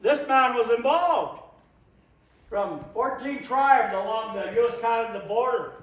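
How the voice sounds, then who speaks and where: A man giving an impassioned public talk, slow and emphatic, repeating phrases for weight. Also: very high voice, fairly bright tone. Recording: echoey room, voice from a distance.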